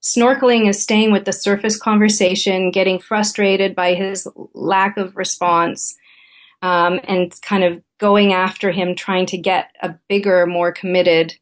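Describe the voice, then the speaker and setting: A woman's voice: mid-range voice, level tone, a little slow. Candid middle-aged woman telling a story. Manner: candid, conversational anecdote telling. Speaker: guest relationship therapist and author. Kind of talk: interview storytelling.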